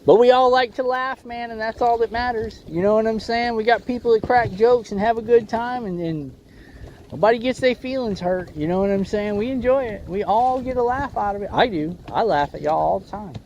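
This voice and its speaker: A man's voice: high-pitched, a little fast, a little mellow, lo-fi sound, slight background noise. A man hosting a fishing livestream from a small boat, talking in a rambling, jokey way and calling his viewers "bro" and "boys". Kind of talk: casual livestream chat while fishing. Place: small boat on a windy lake.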